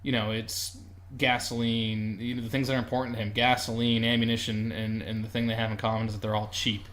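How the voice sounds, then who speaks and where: A man's voice: lowish voice, little pitch movement, a little fast, a bit bright. A man co-hosting a podcast, talking casually and animatedly about a movie, swearing and laughing. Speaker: podcast co-host.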